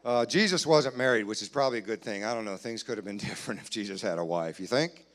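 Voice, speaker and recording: A man doing a stand-up comedy set in a church, playfully acting out both sides of conversations with loud put-on voices. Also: fairly low pitch, fast. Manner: playful, jumps to loud acted voices for his wife and himself. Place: church sanctuary, live audience.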